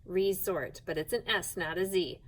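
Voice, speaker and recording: A woman teaching a phonics lesson to young children, speaking slowly and clearly and spelling out each sound with patience. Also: mid-range voice, low-quality recording.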